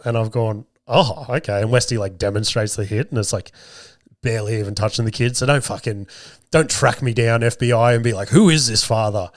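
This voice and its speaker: A man's voice: lowish voice, steady tone, a little fast, dry recording, clean studio sound. A man in his thirties with a strained, sore throat, rambling through a profane, self-mocking story as a podcast host. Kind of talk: casual storytelling monologue.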